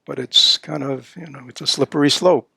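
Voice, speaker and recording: A man's voice: mid-range voice, moderate pace, vocal fry, heavy background noise. An older man giving a dharma talk at a retreat, conversational and full of "you know" and "right?", now and then voicing playful baby-talk examples. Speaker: Buddhist dharma teacher.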